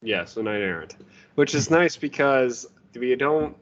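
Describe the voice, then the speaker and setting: A man's voice: mid-range voice, expressive, measured pace, lo-fi sound. A man co-hosting a podcast, giving a loose, profane, joking book review. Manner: loose, profane, laughs at his own jokes. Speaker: podcast co-host. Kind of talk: casual book review chat.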